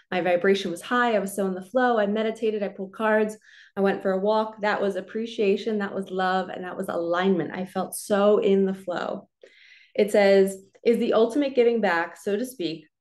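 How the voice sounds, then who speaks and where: A woman, a spiritual coach, giving a relaxed, chatty card reading and talking her listeners through slow belly breathing. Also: mid-range voice. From New Jersey. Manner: relaxed, chatty, reassuring, lots of "like" and "so".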